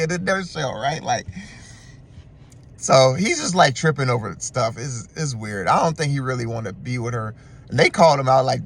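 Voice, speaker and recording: A man giving a casual, animated and slangy recap of a reality show. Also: mid-range voice, normal speed, breathy edge. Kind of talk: casual commentary.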